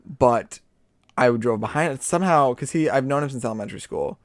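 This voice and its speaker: A young man co-hosts a podcast, his mid-range voice expressive and a little fast, recorded clean in a studio with no echo. He rambles through stories in a sardonic, casual storytelling chat, laughing often.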